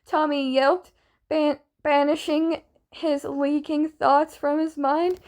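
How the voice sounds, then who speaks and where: A woman's voice: high-pitched, level tone, takes it slowly, darkish tone. A young woman reading a fanfiction story aloud in a casual way, often stumbling and restarting words. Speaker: fanfiction reader.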